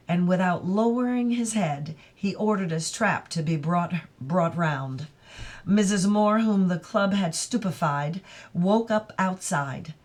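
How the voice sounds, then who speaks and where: A woman reading a classic novel aloud in a careful, deliberate narration. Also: lowish voice. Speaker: audiobook reader. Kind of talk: literary read-aloud narration.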